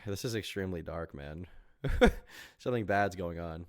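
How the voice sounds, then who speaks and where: A man's voice: sits low, a little slow, no room sound, studio quality. A man streaming reaction commentary, mocking and incredulous, swearing often and breaking into laughter.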